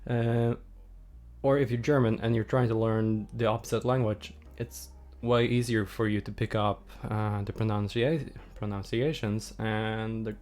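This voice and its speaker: Slow, rambling man. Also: lowish voice. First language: Norwegian. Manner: relaxed, rambling, searches for words. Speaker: streamer. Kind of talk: casual chat with viewers. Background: faint background music.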